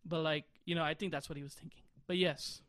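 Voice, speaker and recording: Young guy podcast host, high voice, rambly, laughs a lot mid-story. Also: fairly even intonation, quick pace, a bit bright, no echo, clean studio sound. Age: 20s. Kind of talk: casual chat.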